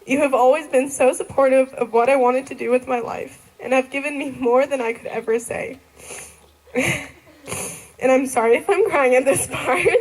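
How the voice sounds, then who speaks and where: Teen girl graduate, higher voice, reading heartfelt thank-yous with frequent nervous giggles. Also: poor audio. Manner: giggly, laughing often between sentences. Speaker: graduating student. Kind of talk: graduation thank-you speech.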